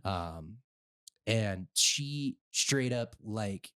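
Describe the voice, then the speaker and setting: A man's voice: fairly low pitch, animated, very slow, bright, forceful tone. A young man from Utah co-hosting a podcast, telling a story in a rambling, profane way, full of fillers and voiced quotes. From Utah, USA. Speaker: podcast co-host. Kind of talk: casual storytelling chat.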